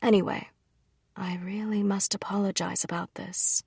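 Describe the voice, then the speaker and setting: A woman voicing a strict but softened noble father, speaking slowly and frankly in a storybook reading. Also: medium pitch, creaky, breathy edge, dry recording, clean studio sound. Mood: measured.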